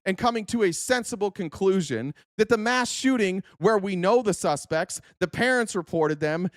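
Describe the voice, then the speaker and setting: Angry, profane high-voiced man. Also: lively intonation, moderate pace, no echo, studio quality. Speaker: podcast host. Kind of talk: profane political rant reacting to clips.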